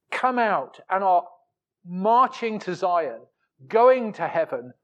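Male preacher, higher-toned, emphatic sermon delivery with repeated words. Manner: emphatic preaching, rising to forceful peaks and dropping low for asides; repeats words and restarts phrases.

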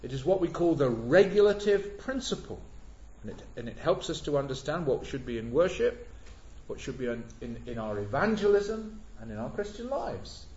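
A man preaching a sermon, measured and emphatic, leaning on repeated words. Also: fairly high pitch, very animated, darkish tone. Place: church. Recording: echoey church, dull lo-fi sound.

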